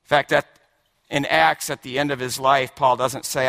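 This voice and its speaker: A man preaching a sermon with emphasis, often repeating words and swinging from hushed lines to shouted ones. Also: medium pitch, steady tone, moderate pace, creaky. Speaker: pastor.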